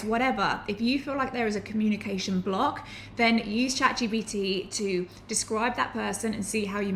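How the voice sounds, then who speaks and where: A woman's voice: on the high side, fairly bright tone, a little hiss or hum. A woman, teaching to camera in a chatty, enthusiastic way with anecdotal asides. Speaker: online business educator.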